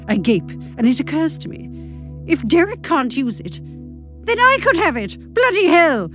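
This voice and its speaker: A British woman reading comic fiction aloud. Her voice sits fairly high and swoops a great deal. She is brisk and wry, and she drops deadpan asides. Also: over music.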